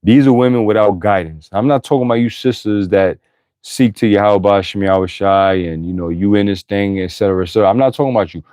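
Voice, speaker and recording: A man with a low voice teaching from the Bible, reading verses aloud and then breaking into crude, forceful street-style commentary. The recording is dry and close, with no room sound around him. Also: fast talker, clear, resonant tone, dry recording. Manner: profane, blunt and emphatic, with bursts of laughter.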